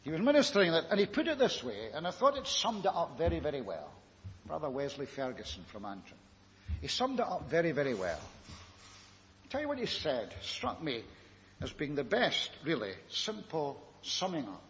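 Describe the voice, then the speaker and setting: A man's voice: a little high, sing-song, normal speed, a little hiss or hum. A man preaching a sermon, telling the story dramatically and firing rhetorical questions at his listeners. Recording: echoey hall, dull lo-fi recording.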